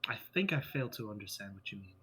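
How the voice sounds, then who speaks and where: A man's voice: fairly low pitch, expressive, fast talker, sharp tone, slightly rough. A man playing a tabletop game in character, speaking politely and formally with hesitations. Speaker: player.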